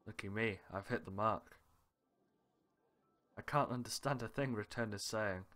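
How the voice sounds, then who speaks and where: A man with a fairly low voice reads a visual novel aloud, playing every part himself. He moves from one character to the next and drops in small laughs and asides along the way. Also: a little slow, fairly bright tone. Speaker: let's play host reading a visual novel aloud. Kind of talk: reading game dialogue aloud with light character voices.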